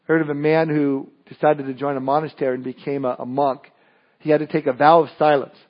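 Male preacher, casual sermon delivery with frequent restarts, slightly high voice, lo-fi capture. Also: flat delivery, brisk. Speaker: pastor.

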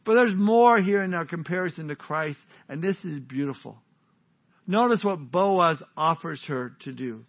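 A pastor preaching a sermon in a casual, joking, conversational way, on a dull lo-fi recording. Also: male voice, on the high side, normal speed. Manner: conversational, joking, warm-hearted.

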